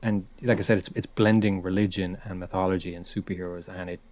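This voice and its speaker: A man's voice: sits low, flat delivery, fast talker, a little mellow, dry recording. A man co-hosting a casual film podcast, talking animatedly and repeating words as he builds his point. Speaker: podcast co-host.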